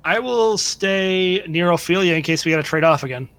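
A man's voice: sits high, moderate pace, a bit bright, no echo. A man playing a tabletop game, answering the game master in an easygoing way with short replies. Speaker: player. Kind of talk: casual tabletop game chat.

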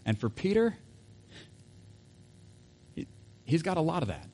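A man's voice: on the high side, wildly swooping pitch, a little slow, darkish tone, breathy edge. A man preaching a sermon in a casual, conversational way, with asides and self-corrections. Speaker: pastor.

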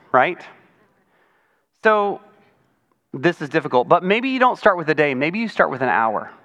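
A man's voice: fairly high pitch, a bit bright. A man preaching a chatty, conversational sermon as pastor, often acting out other people's voices. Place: church sanctuary.

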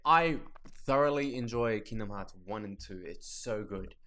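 Animated, ranting male podcast co-host. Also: lowish voice, moderate pace, a little hiss or hum. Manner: animated, ranting, swears when annoyed. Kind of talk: casual chat.

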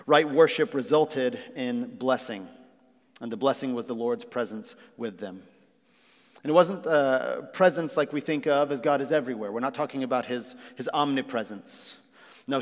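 A man preaching an earnest sermon as pastor, using fillers and rising to emphatic questions. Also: mid-range voice. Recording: long reverb of a hall.

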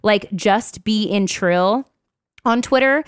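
A woman hosting a casual chat podcast, bubbly and quick to laugh as she reads out social media posts. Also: medium pitch, clean tone, no room sound, studio quality. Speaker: podcast host.

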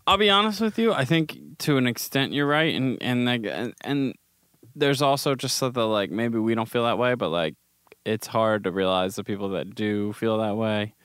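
A young man in relaxed podcast chat, halting and full of fillers. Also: medium pitch, clean tone, dry recording, clean studio sound. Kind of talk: casual chat.

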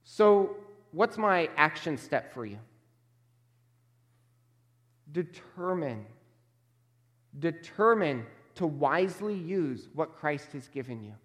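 A man preaching a sermon as a pastor, emphatic and measured, slowing down to stress key words. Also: on the high side, sing-song, fairly bright tone, big-room sound.

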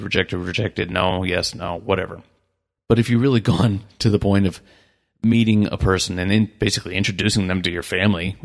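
A man's voice: on the low side, creaky. A man hosting a business podcast, ranting bluntly and frankly in a casual way. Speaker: podcast host. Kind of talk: casual opinion podcast talk.

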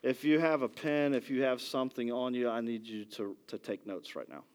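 A pastor giving a conversational sermon, a father who keeps asking "ready?" and moves between loud emphasis and quiet, soft asides. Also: medium pitch, moderate pace. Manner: conversational preaching with frequent "ready?" check-ins.

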